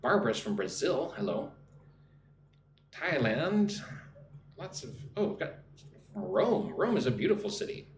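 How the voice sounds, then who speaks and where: Unhurried and pausing often, this English teacher streams a speaking lesson where he reads chat messages aloud, models exam answers, and runs pronunciation drills. His fairly high voice is very animated, and the audio carries a roomy echo over faint background noise.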